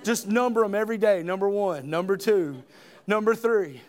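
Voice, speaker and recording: A man preaching a sermon in church, swinging between loud shouted passages and quiet, hushed retellings of scripture scenes. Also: sits high, normal speed.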